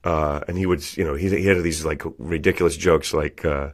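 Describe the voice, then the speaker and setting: A man's voice: rumbling low, fairly even intonation, fairly quick, hardly any pauses. A man hosting a podcast, telling stories in a laid-back casual chat and laughing at his own jokes. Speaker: podcast host.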